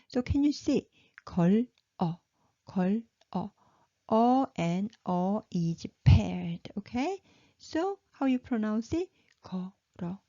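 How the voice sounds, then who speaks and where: A woman with a Korean accent teaching a language lesson, speaking slowly and patiently and repeating words for practice. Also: medium pitch, creaky, warm tone, no room sound, dull audio.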